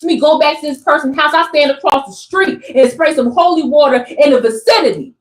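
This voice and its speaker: A woman's voice: high voice, fairly quick. A young woman giving a casual, emphatic spiritual pep talk to her viewers, repeating her points like a preacher. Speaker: spiritual content creator. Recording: echoey room.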